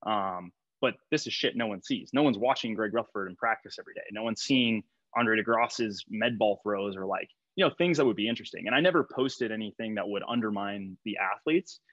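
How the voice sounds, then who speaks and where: A man's voice: fairly low pitch, brisk, hardly any pauses, fairly bright tone, no room sound, highs cut off. A young male strength coach talking casually in a podcast interview, rambling with lots of fillers and laughing easily.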